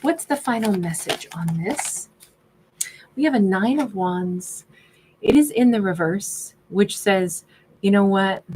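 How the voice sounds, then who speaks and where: Chatty woman reading tarot, slightly low voice. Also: darkish tone, a little hiss or hum, poor audio. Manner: chatty, conversational, self-correcting. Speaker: tarot reader.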